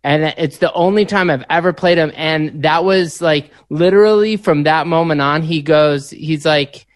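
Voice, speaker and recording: A man with a fairly high, smooth, clear voice tells an anecdote in relaxed chat. He halts and restarts now and then as he talks. The sound is dry and close. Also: normal speed, no room sound. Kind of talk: casual anecdote.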